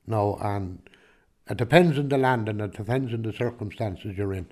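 A man's voice: on the low side, normal speed, a little mellow. A man with a Kilkenny Irish accent, a farmer answering interview questions in a rambling, chatty way, full of restarts and "do you know what I mean". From Ireland.

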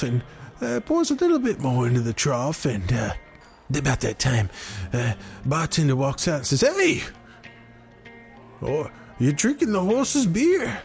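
Man spinning a rambling tall tale, lively pitch, gravelly fry, lots of fillers, faint music behind. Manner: meandering, many uh fillers. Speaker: storyteller.

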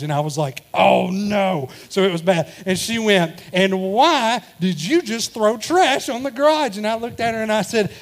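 A man, telling a funny anecdote in a sermon and acting out the voices of his family. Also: a little high. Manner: animated storytelling, acting out quoted family members.

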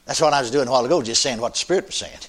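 An older man preaching a sermon in a folksy, animated way, often laughing with his congregation. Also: mid-range voice, rapid-fire.

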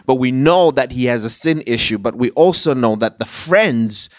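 A man's voice: mid-range voice, moderate pace, dry recording, studio quality. Man teaching the Bible, repeating words. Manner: repeats words while searching for the next phrase.

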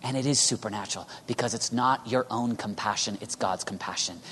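A man's voice: fairly low pitch, fairly quick, slight background noise. Male preacher for a sermon in a big reverberant hall; intense, moves from urgent to near-whispered. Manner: passionate, swings from loud urging to hushed whispers. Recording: long reverb of a large hall.

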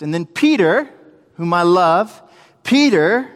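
A young man preaching a sermon in a church, telling the story with animated delivery, acted-out quotes and humorous asides, heard in a reverberant hall. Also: high voice, normal speed. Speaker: preacher, youth minister.

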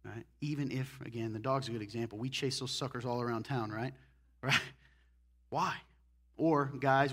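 A man preaching a sermon as pastor, animated, moving between loud emphatic lines and hushed, intense ones. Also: fairly high pitch, brisk.

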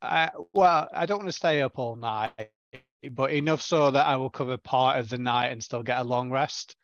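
A man's voice: mid-range voice, moderate pace, fairly bright tone, no room sound. A man playing a tabletop game, talking in a wry, easygoing way. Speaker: player. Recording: dull lo-fi sound.

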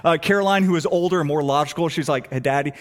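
A middle-aged man, preaching a sermon and telling stories, swinging between hushed and emphatic delivery. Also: fairly high pitch, fast. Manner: animated storytelling, shifts between hushed and emphatic. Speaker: pastor.

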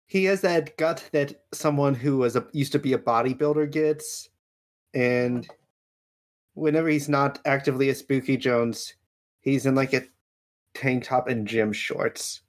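A tabletop game player casually describing a character, with halting pauses. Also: medium pitch.

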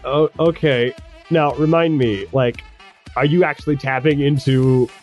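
A man's voice: medium pitch, measured pace, a little mellow, soft background music. A man narrating as game master of a tabletop game, hesitant and often restarting, with laughs.

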